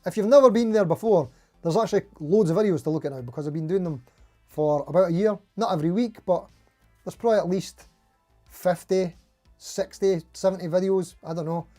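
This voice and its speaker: A man's voice: high-pitched, a little fast, warm tone, soft background music. A man hosting a casual live stream, rambling and laughing at himself as he reads out supporter names.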